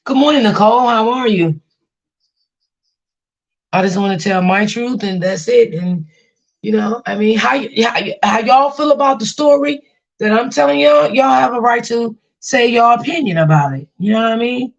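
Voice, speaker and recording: A woman's voice: on the high side, moderate pace, vocal fry, highs cut off. A woman hosting a casual livestream, venting about family and reassuring her chat viewers, often repeating herself. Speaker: livestream host.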